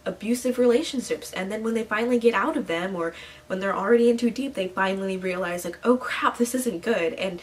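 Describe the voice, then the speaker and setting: A woman's voice: mid-range voice, fast, recorded from a distance, rough recording. A young woman talking casually about books on her channel, chatty and full of "like" and playful asides. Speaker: book vlogger. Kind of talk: casual book talk.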